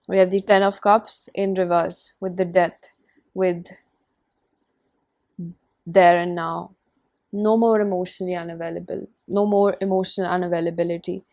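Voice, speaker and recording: A woman's voice: lowish voice, darkish tone. A woman giving a tarot card reading, talking emphatically and repeating phrases for stress. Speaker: tarot reader.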